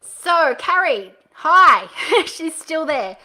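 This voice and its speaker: A woman coaching on direct sales during a live stream, upbeat and animated as she acts out booking calls with viewers. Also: high-pitched, normal speed. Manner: upbeat, animated coaching with playful role-play.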